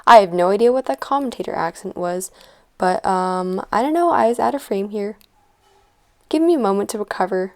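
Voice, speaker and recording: A woman's voice: mid-range voice, animated, a little fast, a little mellow. Chatty teenage girl narrating her vlog. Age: teens. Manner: chatty, self-deprecating, playful. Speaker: vlogger. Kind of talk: casual voice-over narration.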